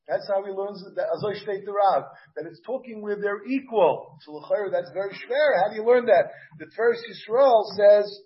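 A man's voice: high voice, lively intonation, normal speed. A man with an American accent and Yiddish-Hebrew pronunciation teaches a Talmud class, thinking aloud and asking his students questions. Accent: American English with Yiddish-Hebrew pronunciation. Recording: dull, muffled class recording.

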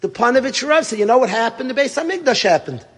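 Husky high-voiced rabbi in a reverberant hall. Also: male voice, lively intonation, fast talker. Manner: emphatic, rhetorical questions, swings between loud and hushed. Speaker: rabbi teaching at a yeshiva. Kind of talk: storytelling sermon.

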